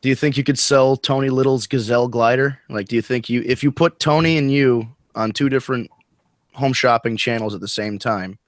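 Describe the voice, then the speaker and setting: A man's voice: mid-range voice, no echo. Chatty man hosting, dry close sound. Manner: chatty, quick follow-up questions. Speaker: podcast host. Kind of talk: casual interview chat.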